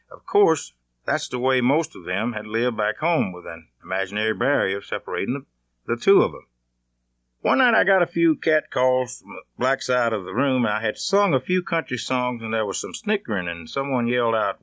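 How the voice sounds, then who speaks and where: A man from Mississippi, reading his own memoir in a plainspoken, measured, conversational way. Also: medium pitch, a bit bright, dry recording. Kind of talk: audiobook narration.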